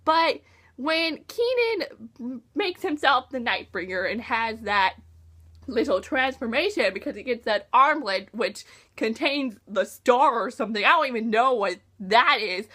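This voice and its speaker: A woman's voice: fairly high pitch, expressive, unhurried, a bit bright. A young woman talking casually and emotionally about a book she read, gushing and using slang. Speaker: book reviewer. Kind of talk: casual book talk vlog.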